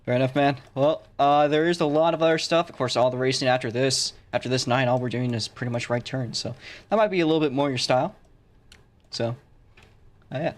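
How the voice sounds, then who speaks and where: Male stream host, offhand jokey interviewer, mid-pitched. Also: fairly quick. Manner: joking, offhand, loose questions. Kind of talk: casual live-stream interview.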